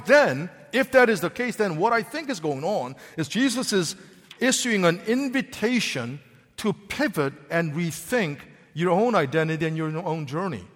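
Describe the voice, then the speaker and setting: A male pastor preaching a sermon in a lively way, often putting questions straight to the congregation. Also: high-pitched, big-room sound. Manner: animated, questions the congregation directly.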